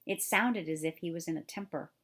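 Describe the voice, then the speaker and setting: A woman's voice: deep voice, a little fast, a bit bright. A woman voicing a sickly, restless rich boy who talks crossly about being ill. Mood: fretful. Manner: restless, cross, self-pitying. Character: sickly, fretful young rich boy, bedridden.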